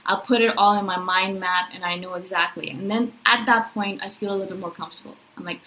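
A woman's voice: medium pitch, fairly even intonation, pushed and bright, slight background noise, rough recording. Chatty woman telling a party story. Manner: chatty, rambling, with frequent "right?" and "you know"; lists things in quick runs of questions. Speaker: personality-type vlogger. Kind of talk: casual storytelling monologue.

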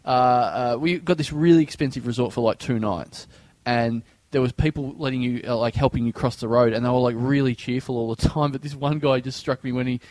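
An Australian man, a comedian and podcast host, telling long, rambling anecdotes in casual chat and slipping into animated impressions. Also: mid-range voice, fairly quick, no echo.

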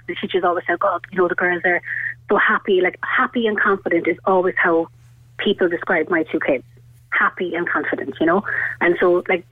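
A woman's voice: medium pitch, no echo. A woman in her thirties with an Irish accent, a radio caller telling a personal story in a chatty, rambling way. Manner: chatty and rambling, full of "like" and "you know". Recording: tinny phone line.

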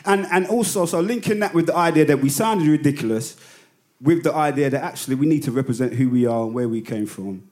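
A man from London in his fifties with a London accent, a rapper telling stories as a guest in a casual interview, animated, swearing freely and laughing often. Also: a little high, quick pace. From London, England.

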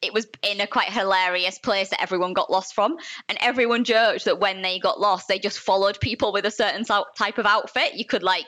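Bright-voiced woman with soft Yorkshire accent. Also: medium pitch, fairly even intonation, brisk. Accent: softened Yorkshire. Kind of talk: casual podcast discussion.

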